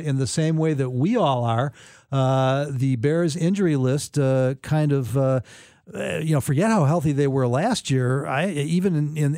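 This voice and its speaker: Mellow-toned man hosting pregame radio talk, dry studio sound. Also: on the high side, no room sound. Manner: relaxed, halting with fillers. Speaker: sports radio host.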